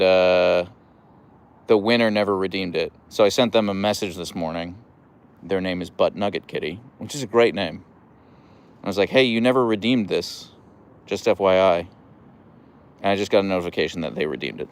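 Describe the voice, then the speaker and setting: A man's voice: low voice, smooth. A man hosting a casual live stream, reading viewer messages and rambling through asides and restarts. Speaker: livestream host.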